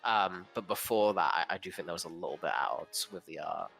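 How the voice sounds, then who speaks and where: Low-voiced man with a bright edge. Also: expressive, a little fast, gravelly, faint music behind. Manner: thoughtful, hedging, restarts mid-sentence. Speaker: podcast co-host. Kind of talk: casual comic book discussion.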